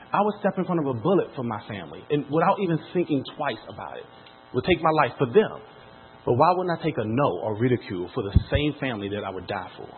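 A man giving a motivational talk to a live audience, telling a story with animated, pushing emphasis. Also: medium pitch, a little hiss or hum. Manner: animated storytelling, rising and pushing on key points. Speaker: motivational speaker. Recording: tinny phone-like sound.

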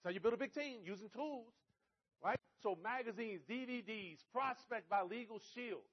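High-voiced man giving a sales pep talk. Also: moderate pace, husky. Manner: animated storyteller, repeats catchphrases, coaches listeners directly. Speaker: network marketing speaker. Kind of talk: motivational sales talk to an audience. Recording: dull lo-fi recording.

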